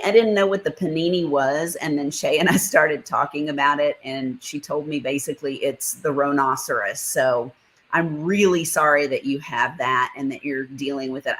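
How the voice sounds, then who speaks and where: A livestream host chats casually, reading out comments and welcoming viewers by name. Her voice rumbles low, and the audio is poor.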